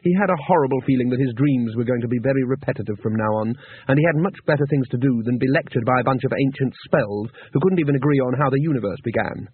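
A man reading a story aloud in a dry, measured storytelling manner. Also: medium pitch, slightly rough, no echo. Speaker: narrator. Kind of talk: audiobook narration. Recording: tinny narrow-band recording.

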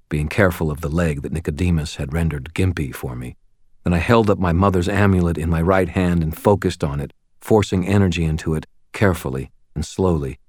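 A man reading a first-person novel aloud as an audiobook narrator, with a measured, steady delivery. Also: deep voice, dry recording, clean studio sound.

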